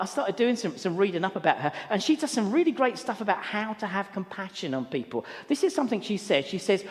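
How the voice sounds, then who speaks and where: A man preaching a sermon in a church hall, telling a story earnestly and often repeating words as he goes. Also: sits high. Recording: long hall reverb.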